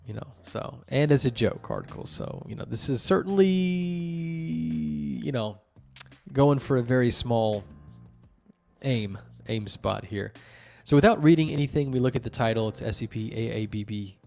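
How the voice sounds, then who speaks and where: A man hosts a show reviewing wiki articles, his medium-pitched voice unhurried, darkish, and touched with vocal fry, with faint music behind him. His commentary is casual and rambling, full of fillers and restarts, and he explains things at length.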